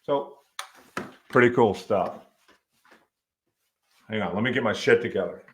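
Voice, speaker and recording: A middle-aged man, a college professor hosting his own podcast, telling casual stories in a lively way, swearing now and then and muttering to himself as he fiddles with his desk microphone. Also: lowish voice, measured pace, background noise. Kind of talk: casual storytelling monologue.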